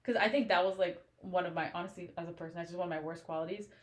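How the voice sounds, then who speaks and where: A woman co-hosting a book-club podcast, talking fast and with lots of animation. Her voice sits in a roomy, echoey space. She laughs easily between thoughts. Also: fairly low pitch, fairly even intonation. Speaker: podcast co-host. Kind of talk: casual book-club chat. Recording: echoey room.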